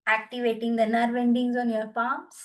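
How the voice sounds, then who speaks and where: A woman's voice: on the high side, flat delivery, moderate pace. A woman with an Indian English accent leading a group wellness session, cueing exercises in an upbeat, encouraging way with bursts of laughter. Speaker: yoga and laughter therapy instructor. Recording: distant from the mic.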